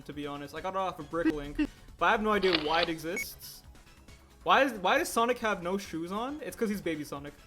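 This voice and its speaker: High-voiced chatty male streamer. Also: fairly bright tone. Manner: rambling, self-correcting, chatty. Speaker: stop-motion animator livestreamer. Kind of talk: casual livestream chat while working.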